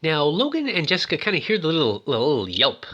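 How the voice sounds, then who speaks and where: A man's voice: on the high side, huge pitch swings, fairly quick, pushed and bright, lo-fi sound. A man casually recapping a film, rambling and chatty, and acting out the characters' lines as he goes. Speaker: movie recap host.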